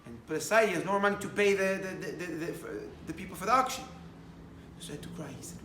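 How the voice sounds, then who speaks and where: Animated preaching man in an echoey room. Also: high voice, fast, background noise. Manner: animated, rising to loud emphatic bursts, many restarts. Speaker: rabbi. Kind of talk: sermon with storytelling.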